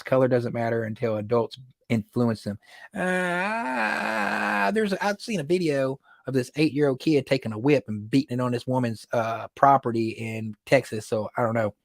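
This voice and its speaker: Guy on a livestream, mid-pitched voice, gets all worked up and keeps restarting his words, dry mic. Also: no room sound. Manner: animated, excitable storytelling with frequent laughs. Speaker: livestream host. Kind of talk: casual livestream chat.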